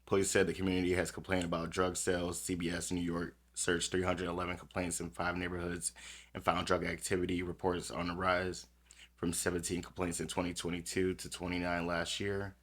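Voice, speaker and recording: A man's voice: sits low, monotone, fairly quick. A man hosting a podcast, reading news stories aloud with small stumbles and commenting on them bluntly with plenty of cursing. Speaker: podcast host.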